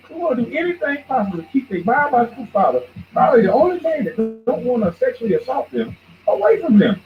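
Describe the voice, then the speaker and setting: A man hosting a podcast, ranting in heated, profane commentary that swings between mocking shouts and low mutters. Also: a little hiss or hum. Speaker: podcast host. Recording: dull lo-fi recording.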